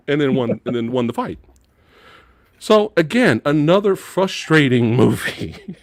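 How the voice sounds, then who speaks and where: A man co-hosting a casual movie review chat, ranting with animated delivery and mocking impressions. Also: fairly high pitch, normal speed, dry recording, clean studio sound. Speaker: podcast co-host.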